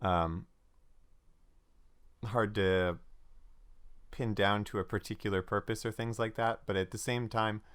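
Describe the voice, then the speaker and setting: A man's voice: on the low side, fairly even intonation, measured pace, long pauses, fairly bright tone, smooth, no room sound. A man co-hosting a podcast, chatting casually about tabletop games. He rambles, with frequent restarts and filler words. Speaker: podcast co-host.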